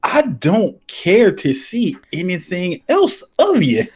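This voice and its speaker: A man co-hosting a podcast, relaxed and agreeable, laughing along with his partner. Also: sits high, takes it slowly, breathy edge. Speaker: podcast co-host. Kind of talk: casual chat.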